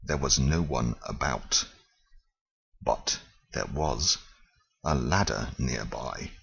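A man reading a children's story aloud, halting at times and explaining old-fashioned words. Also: rumbling low, vocal fry, fairly bright tone, breathy edge, dull audio. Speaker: reader.

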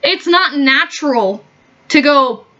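A woman with a fairly high voice rants to camera, heated and full of swearing, circling back over her points as she rambles. The recording sounds dull and lo-fi. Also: expressive, slow pace, sharp tone. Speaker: vlogger. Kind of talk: rambling opinion rant.

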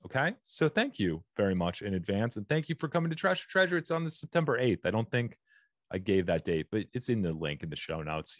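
A man's voice: lowish voice, dry recording, clean studio sound. A man hosting a comedy podcast who talks in a goofy, joking way full of rambling asides, recorded on a podcast mic. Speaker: podcast host.

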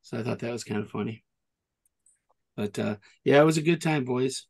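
A middle-aged man from Michigan co-hosts a podcast, telling rambling stories in easy chat. His voice is gravelly, with a husky grain, and he restarts sentences as he builds up to his point. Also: medium pitch, moderate pace, a little mellow. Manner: rambling storyteller, restarts often. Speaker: podcast co-host. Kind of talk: casual chat.

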